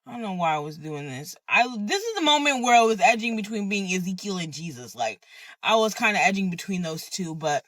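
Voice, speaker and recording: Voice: mid-range voice, very animated, a little fast, fairly bright tone, no echo. A person telling a personal story in a casual, rambling monologue, peppered with slang and swearing.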